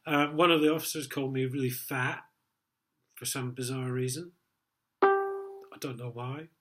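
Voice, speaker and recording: A man's voice: medium pitch, fairly even intonation, measured pace, a bit bright, soft background music. A middle-aged man, telling his own story in a sweary, aggrieved, rambling way, full of ums. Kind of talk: casual personal account.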